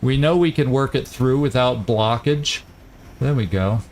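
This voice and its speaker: A man hosting a let's-play, chatting casually and thinking aloud as he plays, quick to laugh. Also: medium pitch, a little mellow, slight background noise. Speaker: gaming channel host.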